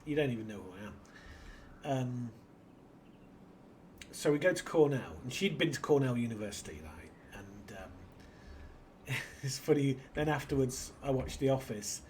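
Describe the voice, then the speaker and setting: A man's voice: medium pitch, animated, unhurried, darkish tone, a little hiss or hum. A British man hosting a casual let's-play, rambling through an anecdote and muttering to himself as he plays. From Britain. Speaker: gaming channel host.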